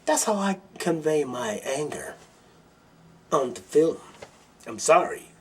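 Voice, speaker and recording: A man with a high-pitched voice rants on his own political podcast, angry and blunt. He swears freely, mocks his opponents, and talks straight at the listener. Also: very animated, slow pace, darkish tone, husky. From Milwaukee, Wisconsin. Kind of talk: profane political rant.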